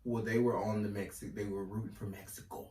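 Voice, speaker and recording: A man from North Carolina co-hosting a casual discussion podcast, telling stories in an animated way with lively asides. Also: fairly low pitch, fairly quick. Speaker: podcast co-host. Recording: roomy echo, mic at a distance.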